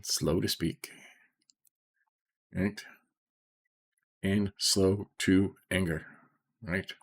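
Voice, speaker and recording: A middle-aged man reading scripture and explaining it in an informal, soft-spoken way, often checking in with "okay?" and slowing down on key phrases. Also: low-pitched, gravelly, breathy edge. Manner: slows right down to stress key phrases. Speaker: Bible study teacher.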